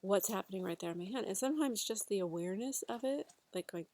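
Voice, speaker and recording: A woman guiding a breathwork class, talking gently and unhurriedly with a few fillers. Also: mid-range voice, lively intonation, fast. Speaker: breathwork facilitator. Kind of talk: guided instruction to a class.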